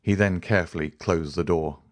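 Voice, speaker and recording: Male narrator, very low pitch, steady measured audiobook reading. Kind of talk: scripted narration.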